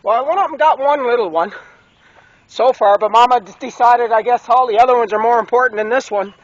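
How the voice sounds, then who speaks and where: High-voiced man vlogging outdoors. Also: fairly quick. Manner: talks to camera while working, coaxing and calling out to his pig. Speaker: homesteader filming his farm. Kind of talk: handheld outdoor vlog narration. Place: outdoors in brush on a farm. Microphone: camera mic, handheld and then set on a tree. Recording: dull lo-fi outdoor camera audio with clear background noise.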